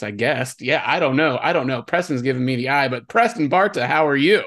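A man's voice: mid-range voice, brisk, hardly any pauses, a bit bright. A man hosting a podcast in casual chat, upbeat and jokey, laughing often. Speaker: podcast host. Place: Texas.

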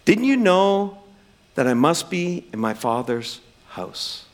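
A man doing a calm, earnest young boy. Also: a little high, slow pace, full character voice. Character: calm, earnest twelve-year-old boy.

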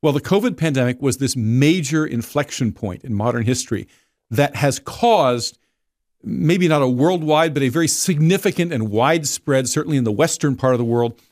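Male guest, mid-pitched, rambling and restarting, dry close sound. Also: animated, darkish tone, no echo. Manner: digressive, halting with repeated words. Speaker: guest editor. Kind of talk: casual discussion.

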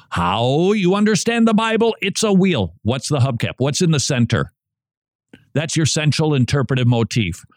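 A man hosting a talk radio show, delivering a jokey, animated monologue and acting out bits of quoted chatter. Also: fairly high pitch, no room sound, studio quality.

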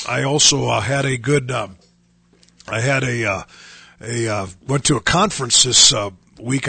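An older man, a pastor, hosting a radio show in casual talk, rambling and halting with many fillers. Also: mid-range voice, vocal fry, pushed and bright, husky, no room sound.

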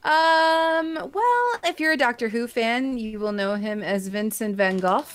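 Woman co-host, gushing casual chat, somewhat high voice, dry close mic. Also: measured pace, dry recording. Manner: gushing, chatty, animated. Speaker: podcast co-host.

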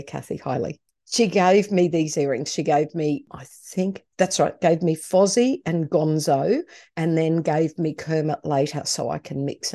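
A middle-aged woman tells a true story from her own life. She talks casually and wanders off on side notes, and she acts out her own reactions as she goes. Her voice is mellow and sits at an ordinary pitch for a woman. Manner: chatty, digressive and expressive, acting out her own reactions. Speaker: podcast host telling a personal story.

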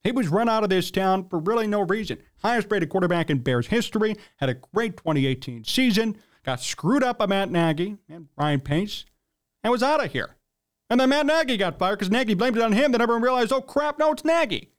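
Emphatic high-voiced sports talk host. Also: male voice, lively intonation, fairly quick. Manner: emphatic, blunt, riled up. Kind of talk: opinionated sports commentary.

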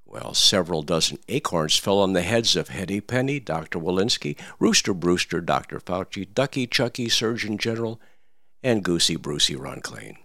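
A man's voice: sits low, lively intonation, moderate pace, creaky, pushed and bright, dry recording, clean studio sound. A man giving satirical political commentary, telling a mocking fairy tale in a theatrical, sing-song way.

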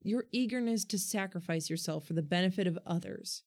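A woman voicing a gentle, earnest boy who speaks firmly and thoughtfully in a storybook reading. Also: lowish voice, brisk. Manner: gentle but firm, earnest.

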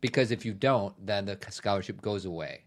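A middle-aged man co-hosts a casual family podcast. His voice sits low. He speaks plainly and slips in dry, joking asides. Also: brisk. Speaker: podcast co-host.

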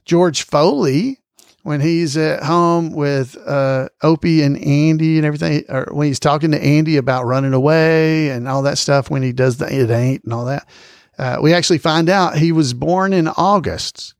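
Chatty man with a gravelly, dry voice. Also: a little high, normal speed, no echo. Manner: rambling, chuckling, many fillers. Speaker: podcast host. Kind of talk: casual trivia chat.

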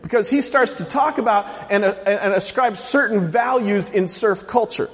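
A man's voice: sits high, normal speed, big-room sound. A man from the US West Coast preaching a sermon as pastor, joking and asking the congregation questions. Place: church sanctuary.

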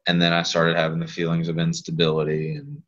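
A man, a physical therapist guest on a podcast, chatting casually and telling rambling, animated stories. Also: deep voice, fast talker, dull audio.

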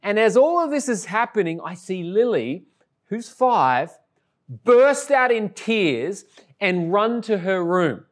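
A middle-aged man with an Australian accent, preaching in a relaxed storytelling way. His voice sits a little high, and he moves between lively bursts and soft, hushed tenderness. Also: takes it slowly. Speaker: pastor. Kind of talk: storytelling sermon opening.

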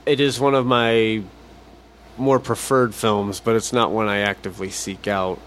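A man's voice: fairly low pitch, little pitch movement, a little slow, a bit bright, slight background noise. A man co-hosting a podcast, chatting casually about movies, laid-back, swearing freely and laughing often. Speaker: podcast co-host. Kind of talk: casual movie review chat.

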